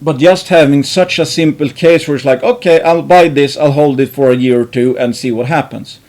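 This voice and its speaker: A man's voice: mid-range voice, steady tone, fairly quick, darkish tone. A man hosting an investing channel, thinking aloud in a rambling way, with many restarts and fillers and some casual swearing.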